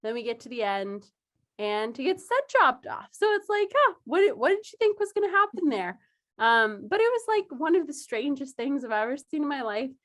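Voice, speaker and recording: This is a young woman with a high voice, co-hosting a casual podcast chat. She tells her stories with lots of energy, slips into quoted voices and laughs often. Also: sing-song, moderate pace, fairly bright tone. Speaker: podcast co-host.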